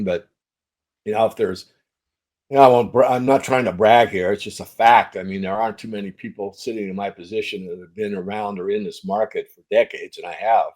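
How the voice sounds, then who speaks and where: A man's voice: fairly low pitch, mellow. A man answering interview questions as a metals analyst, talking in a conversational and emphatic way. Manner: conversational, emphatic, with fillers and restarts.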